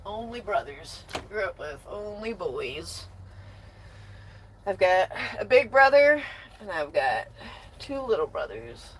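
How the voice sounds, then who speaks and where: Young woman from the US, casual livestream talk, dry sarcasm at the chat, phone mic in a van with a faint hum behind, slow pace, fairly high pitch. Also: very animated, a bit bright. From United States. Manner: sarcastic, talks back to chat; coos at her dog. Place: inside her van.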